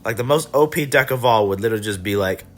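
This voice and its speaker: Low-voiced guy giving a casual card game recap. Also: fast. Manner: laid-back, profane, chuckling, mock voices of opponents. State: coughing and clearing throat.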